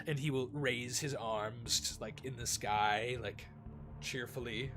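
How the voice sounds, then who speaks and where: A man's voice: mid-range voice, steady tone, takes it slowly, fairly bright tone. A man narrating as dungeon master, casual and laughing, with frequent fillers. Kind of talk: narrating a tabletop game.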